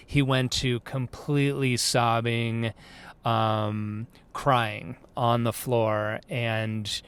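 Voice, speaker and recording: A man's voice: medium pitch, fairly bright tone, smooth. A man in his thirties hosting a parenting podcast, telling a personal story in a casual, conversational way with plenty of fillers and asides. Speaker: podcast host.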